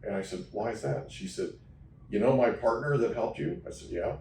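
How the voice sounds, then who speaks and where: A man's voice: fairly low pitch, moderate pace, darkish tone, a little hiss or hum. Emphatic male host in an echoey room. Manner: emphatic storyteller, keeps adding "okay?". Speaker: podcast host. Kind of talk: casual interview chat. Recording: echoey room, mic at a distance.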